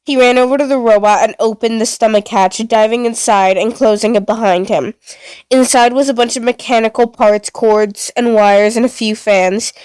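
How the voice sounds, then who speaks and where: Brief: woman storyteller, fairly high voice, smooth and dry, steady reading. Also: dry recording. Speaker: narrator.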